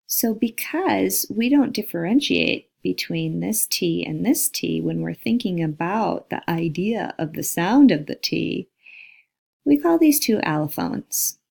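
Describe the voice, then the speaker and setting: A woman's voice: fairly low pitch, lively intonation, unhurried, vocal fry, a little mellow, breathy edge. A woman lecturing on linguistics, walking through slides and saying example words aloud to model each sound. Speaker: linguistics instructor. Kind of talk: recorded lecture over slides.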